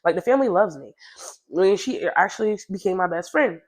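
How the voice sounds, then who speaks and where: A young woman telling a personal story in a casual, slangy, chatty way, often jumping into a higher voice to quote others. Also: expressive, a little fast.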